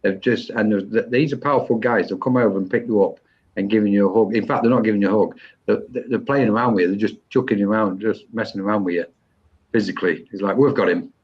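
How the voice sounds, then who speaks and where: A man hosting a live online session and giving a psychic mediumship reading, pausing often and restarting as he searches for words. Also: on the low side, fairly even intonation, husky. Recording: dull lo-fi online stream.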